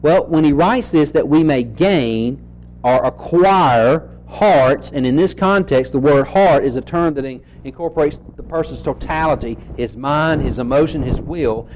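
A man preaching an expository sermon, reading scripture slowly and asking rhetorical questions as he teaches. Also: a little high, darkish tone, slight background noise, rough recording.

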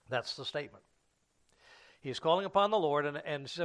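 A man's voice: fairly high pitch, expressive, a bit bright. Man preaching with frequent fillers. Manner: unhurried Bible teaching with frequent fillers and restarts. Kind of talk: sermon.

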